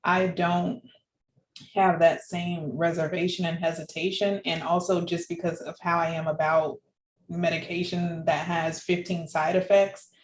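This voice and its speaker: A woman guest in an interview, telling her personal story in an animated way and laughing often. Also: lowish voice, measured pace. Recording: echoey room with faint background noise.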